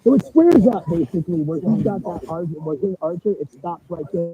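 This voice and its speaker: A man's voice: high voice, lively intonation, fairly quick, over music, low-quality recording. A man giving a heated, rambling account while walking his rural property, filmed on a handheld phone. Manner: rambling, heated, swearing, restarts often. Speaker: property owner making a public statement. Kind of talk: agitated outdoor livestream account. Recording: loud outdoor background noise.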